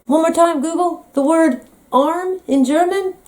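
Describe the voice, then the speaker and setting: A woman's voice: very high-pitched, unhurried, a little mellow. An American woman talking in a comedic vlog monologue, playful, teasing and dramatic. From United States. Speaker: vlogger.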